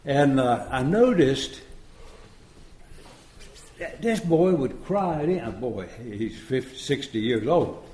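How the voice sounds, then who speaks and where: A man's voice: medium pitch, lively intonation, slow pace, long pauses, a little mellow, slight background noise. Folksy older man telling a story. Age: 70s. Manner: folksy, chuckling, acts out dialogue. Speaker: recovery meeting speaker. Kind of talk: storytelling talk to an audience. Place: retreat meeting room. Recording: roomy live talk recording.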